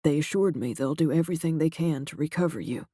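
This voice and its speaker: A male narrator voicing a shaken agency director who speaks in a quiet, halting, grave way. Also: fairly high pitch, dry recording, studio quality, lightly acted. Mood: grim.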